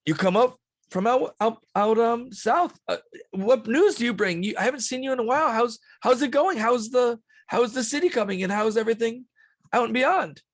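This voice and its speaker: A man voicing an overexcited bearded human camp leader who gushes greetings in a high voice. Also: lively intonation, moderate pace, no echo, studio quality. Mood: gushing. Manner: high, effusive, gushing greetings.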